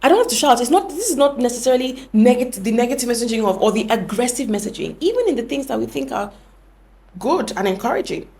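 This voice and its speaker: Gravelly-voiced woman explaining earnestly. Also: a little high, lively intonation, quick pace, a little mellow, a little hiss or hum. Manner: earnest, explanatory, corrects herself mid-sentence. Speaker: podcast host. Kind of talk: reflective podcast talk.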